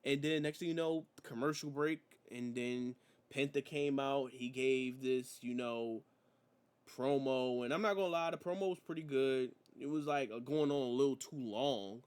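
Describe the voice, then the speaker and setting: A man's voice: medium pitch, moderate pace, smooth. A man reviewing a wrestling show in a slangy, rambling, casual chat. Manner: slangy, rambling, animated storytelling.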